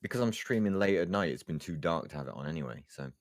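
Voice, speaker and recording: Man, very deep voice, dry close mic, casual streamer chat, laughs often. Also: expressive, quick pace, no room sound. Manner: laid-back, laughs often, trails off with fillers. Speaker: streamer and talk show co-host.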